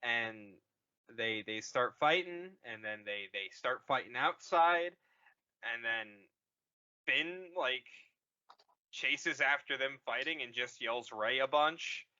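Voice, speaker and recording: Podcast co-host, rambling comic recap, slow, bright voice, dull lo-fi sound. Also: male voice, mid-range voice. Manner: rambling, jokey, swears. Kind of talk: casual film recap. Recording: dull lo-fi audio.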